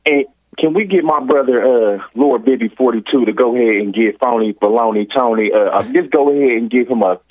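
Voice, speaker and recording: A brisk, medium-pitched man from Ohio calls in and rambles, tacking "or whatnot" onto almost everything. There's no echo, but the phone line sounds tinny.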